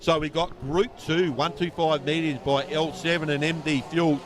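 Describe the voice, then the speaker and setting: A man, a former racer, giving chatty, excitable co-commentary on kart racing. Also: on the high side, normal speed, a crowd in the background. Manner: excitable, chatty, says mate a lot. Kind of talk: live motorsport commentary.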